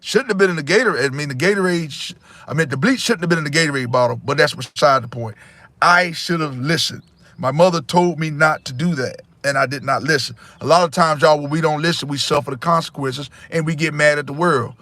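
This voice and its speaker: Blunt, preachy male livestream host, slightly high voice, dry close mic. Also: a little fast, pushed and bright, dry recording. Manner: preachy, blunt, repeats himself, addresses viewers as y'all. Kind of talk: casual livestream talk to viewers.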